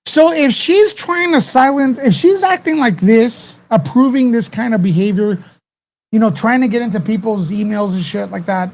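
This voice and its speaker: A man's voice: very high-pitched, moderate pace. A man hosts a live commentary stream and rants to his viewers. He curses freely, trips over his own restarts, and keeps circling back to the same point. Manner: heated, profane, rambling with restarts.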